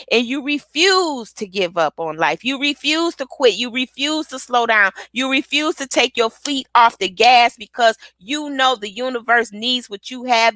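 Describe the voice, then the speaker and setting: Gravelly, energetic motivational woman. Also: medium pitch, no room sound. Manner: energetic, repetitive affirmations with call-and-response. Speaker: motivational speaker and author. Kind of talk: live motivational pep talk.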